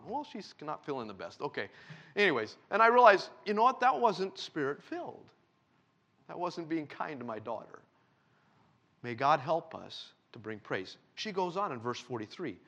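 A man preaching a sermon, a father with a young daughter, reading scripture slowly and loudly and talking in an animated way. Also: a little high. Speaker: pastor.

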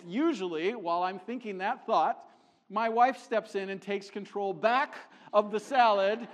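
A middle-aged man preaching a sermon as a visiting missionary, conversational and joking, growing animated as he builds a point. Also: high-pitched, a little slow. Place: church sanctuary. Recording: long hall reverb.

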